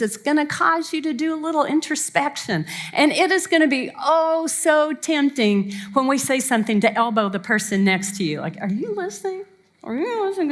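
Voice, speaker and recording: A woman speaks earnestly to an audience, her voice sitting a little high. She is gentle and sincere, moving from advice into prayer. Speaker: family camp speaker. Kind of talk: talk to an audience with spoken prayer.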